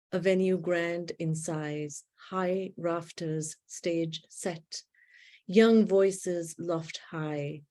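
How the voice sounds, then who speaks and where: Woman poet, unhurried live poetry reading, warm low voice, measured pauses, video-call audio. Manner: measured, deliberate phrasing with long pauses. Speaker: poet reading her work. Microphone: video call setup.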